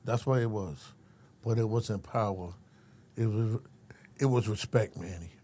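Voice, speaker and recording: A dark-toned, lowish voice at a measured pace: a middle-aged former correctional officer telling a story in casual conversation. Streetwise and profane, he brings the people in it to life by acting them out and repeatedly uses his listener's name.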